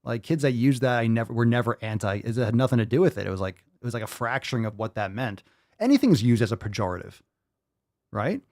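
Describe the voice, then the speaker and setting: An exasperated male podcast host in his thirties rants casually, cursing freely and circling back over his points. His voice sits at an ordinary middle pitch, and the recording is dry and close. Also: lively intonation, quick pace, darkish tone, no echo. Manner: profane, exasperated, repetitive. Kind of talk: casual ranting commentary.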